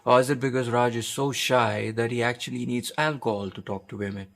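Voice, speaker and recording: A man's voice: mid-range voice, fairly even intonation, a little fast, gravelly, a bit bright. A man from India hosting a commentary show, talking in an emphatic, conversational way and asking rhetorical questions. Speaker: host.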